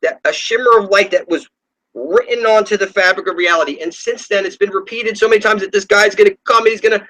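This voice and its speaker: A man with a noticeably high voice talks straight to his viewers in a rambling, insistent monologue. He swears freely and hammers his points home, and his pitch leaps up whenever he gets heated. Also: fairly quick, pushed and bright, poor audio. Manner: ranting, profane and insistent, with sudden pitch jumps. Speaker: channel host.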